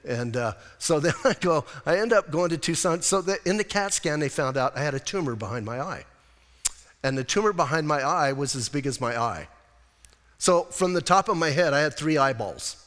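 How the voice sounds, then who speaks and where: A man's voice: fairly high pitch, fairly bright tone, in a large hall. A middle-aged man preaching a sermon as pastor, telling stories in a conversational way with self-deprecating humor.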